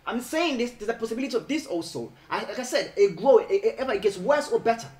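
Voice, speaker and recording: A man's voice: extremely high pitch, lively intonation, fast talker, a little mellow. A man hosting a casual group chat. He rambles, restarts his sentences and talks through his points at length. The room is echoey. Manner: rambling, restarts often, laughs a lot. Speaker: host.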